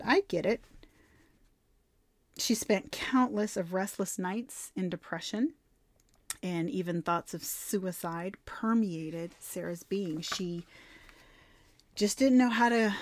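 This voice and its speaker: A woman's voice: medium pitch, dry recording. Woman host, mid-range voice, dry close mic, emphatic storyteller who reads scripture aloud. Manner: expressive, swings from soft asides to loud emphatic bursts. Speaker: podcast host and faith mentor.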